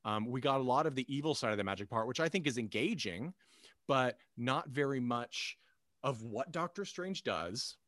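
Male co-host, mid-pitch, dry close sound, rambling casual film talk. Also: animated, normal speed, a bit bright, no room sound. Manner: rambling, many fillers and restarts. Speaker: podcast co-host.

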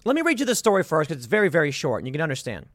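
A man's voice: fairly high pitch, huge pitch swings, racing, no room sound. A man in his thirties hosting a commentary show, talking in a sarcastic, exasperated, rambling way with frequent restarts. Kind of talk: opinion commentary monologue.

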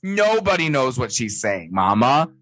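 A man's voice: medium pitch, unhurried, no room sound, low-quality recording. Campy, profane man on a dry mic. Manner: campy, profane, animated quoting. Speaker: podcast co-host. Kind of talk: casual chat.

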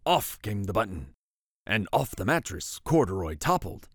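A man's voice: on the low side, sing-song, moderate pace, no room sound, clean studio sound. A man hosting a show and reading a bedtime picture book aloud, telling the story with voices. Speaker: host and story reader.

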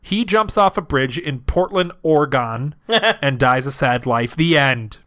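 A man's voice: medium pitch, lively intonation, a little slow, fairly bright tone. A man co-hosting a comedy podcast, reading a silly story aloud word for word and often cracking up. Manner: reads verbatim, often cracking up. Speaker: podcast co-host, narrator of fan fiction.

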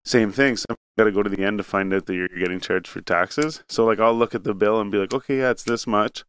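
A man's voice: on the low side, fairly even intonation, fast talker, fairly bright tone, smooth. A young man from Canada in casual chat, telling a rambling, profane story with acted-out asides.

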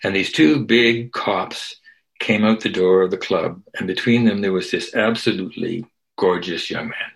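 A man's voice: deep voice, moderate pace, gravelly, a bit bright, rough recording. An older man, a guest activist and historian, telling a story in a loose conversational way, often tagging his sentences with "right?". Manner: conversational, tags lines with "right?". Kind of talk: storytelling interview.

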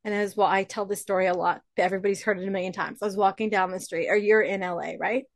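A woman guest in a casual interview, telling personal stories in a lively way and swearing now and then. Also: mid-range voice, fast, no room sound. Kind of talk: casual storytelling chat.

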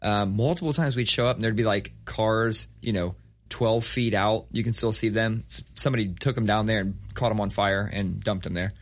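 A man's voice: lowish voice, moderate pace, no echo. A man in his thirties telling a story in casual, profane conversation, acting out quotes as he goes. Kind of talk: casual chat.

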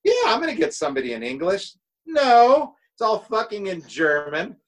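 A man's voice: high-pitched, wildly swooping pitch, moderate pace, low-quality recording. A middle-aged man, a guest drummer from the United States, telling road stories in a laid-back, rambling way and swearing freely. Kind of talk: casual storytelling.

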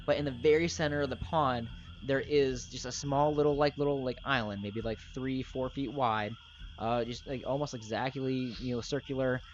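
A man's voice: medium pitch, steady tone, moderate pace. Young male game master, casual rambling narration, muffled lo-fi audio. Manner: rambling, filler-heavy, loose.

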